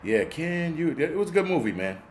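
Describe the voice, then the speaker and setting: A man's voice: fairly high pitch, sing-song, fairly quick, a little hiss or hum. A man in his forties hosting a casual livestream, ranting in a rambling, profane way and talking back to his chat. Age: 40s. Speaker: host.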